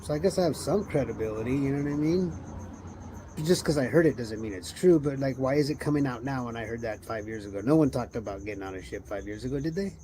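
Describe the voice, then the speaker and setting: A man's voice: mid-range voice, fast talker, warm tone, slight background noise. A tired man hosting a livestream, rambling loosely and asking himself questions as he thinks aloud. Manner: loose, musing, wandering talk with rhetorical questions. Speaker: livestream host. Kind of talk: rambling casual livestream chat.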